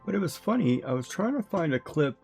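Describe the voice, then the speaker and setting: A man's voice: a little high, sing-song, brisk, vocal fry, darkish tone, soft background music. A man streaming, chatting casually with his live audience, rambling along and chuckling often.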